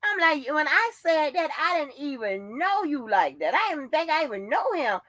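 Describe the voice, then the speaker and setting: High, lively woman ranting. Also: normal speed, no echo. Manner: profane, exasperated, fires off rhetorical questions. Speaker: livestream host. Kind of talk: casual ranting monologue.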